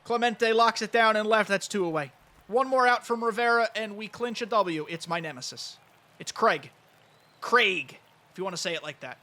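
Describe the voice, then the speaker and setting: A man giving excitable, chatty live commentary on his own baseball video game play, talking straight to his viewers. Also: sits high, a little fast. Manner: excitable, chatty, talks to chat. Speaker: gaming YouTuber.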